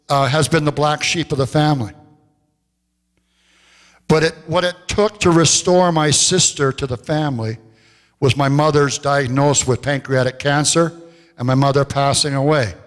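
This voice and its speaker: A man pastor preaching a sermon, telling stories and slowing down to stress key phrases. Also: fairly bright tone. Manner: storytelling preacher, rises in pitch for quoted voices, slows for emphasis. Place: church sanctuary. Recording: long church hall reverb.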